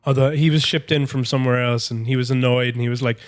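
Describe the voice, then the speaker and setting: A man's voice: medium pitch, steady tone, fast, no echo, studio quality, faint music behind. A man with an Irish accent, chatting casually as a podcast co-host, rambling through stories with lots of fillers, restarts and swearing.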